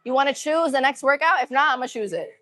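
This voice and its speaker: Over faint background music, a woman with a high, bright, forceful voice talks fast and expressively. She's livestreaming her workout from an empty gym, greeting viewers and chatting casually in hyped slang.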